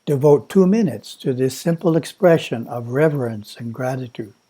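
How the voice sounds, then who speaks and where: A man at a monastery reading a prepared spiritual talk in a measured, instructive way. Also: medium pitch, lively intonation, dark tone. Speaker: monastery teacher.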